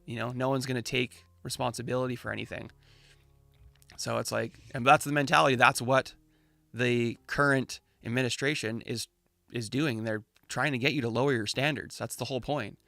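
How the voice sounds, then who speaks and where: A man's voice: medium pitch, steady tone, moderate pace, gravelly, pushed and bright, no room sound, clean studio sound, soft background music. A man hosting a casual, opinionated chat, ranting in slang and mocking the voices of the people he quotes. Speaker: crypto channel host.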